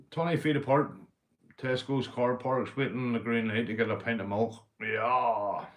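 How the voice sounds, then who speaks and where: A man's voice: medium pitch, reverberant. A Northern Irish man hosting a livestream, ranting bluntly and swearing often in casual talk to his chat. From Northern Ireland. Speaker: livestream host.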